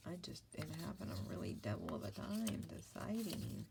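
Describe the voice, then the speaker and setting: A woman's voice: rumbling low, wildly swooping pitch, normal speed, gravelly, hardly any pauses, background noise. A middle-aged woman chatting through a crafting vlog, rambling and apologizing with self-mocking asides. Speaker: papercraft vlogger. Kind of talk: casual crafting vlog chat.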